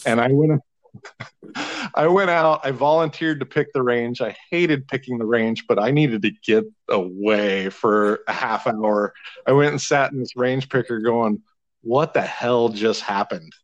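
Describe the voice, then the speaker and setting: A man spins a story as a podcast guest, animated and heavy on the swearing. His voice sits in a mid register, recorded dry and close with a slightly dull, lo-fi tone. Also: medium pitch, unhurried, no room sound. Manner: profane, animated anecdote telling. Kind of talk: casual storytelling.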